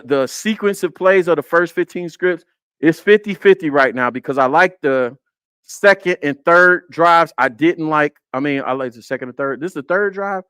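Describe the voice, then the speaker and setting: A man's voice: on the high side, fairly bright tone, no room sound. A man hosting a casual football film breakdown on a live stream, repeating his points and talking to the chat.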